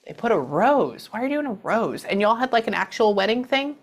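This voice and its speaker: A woman's voice: mid-range voice, very animated, brisk. Middle aged lady doing a psychic reading, chatty, keeps going "they go like this". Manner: chatty, relays messages with quoted voices. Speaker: medium giving a reading.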